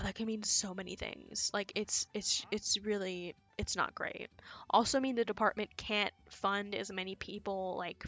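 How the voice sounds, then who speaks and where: A woman's voice: mid-range voice, a bit bright. A young woman streamer chatting casually while gaming, rambling and swearing as she tells stories with giggles. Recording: faint music behind voice.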